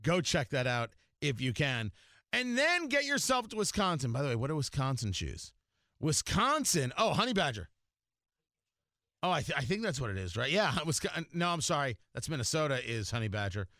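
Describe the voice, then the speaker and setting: A man's voice: fairly high pitch, big pitch swings, normal speed, pushed and bright, no echo, studio quality. A man hosting a morning radio show in a casual, jokey way, rambling with lots of fillers and restarts. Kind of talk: casual talk radio chat.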